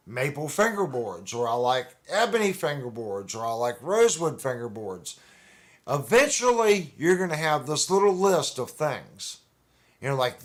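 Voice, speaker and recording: A man hosting a casual livestream, chatting in a rambling, conversational way with restarts. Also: mid-range voice. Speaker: livestream host. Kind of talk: casual chat about guitars.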